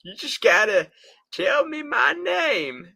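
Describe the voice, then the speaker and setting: A man putting on the voice of a sly, demanding little fairy-tale imp, high and drawn out. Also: big pitch swings, slow pace, creaky, bright, forceful tone, full character voice. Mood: sly taunting.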